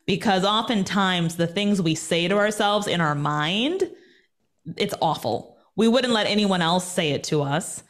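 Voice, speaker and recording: Interviewed over a call, a woman who is a TV personality and speaker talks with energetic, emphatic motivational force, repeating points for effect. Her pitch is fairly low and her pace a little slow.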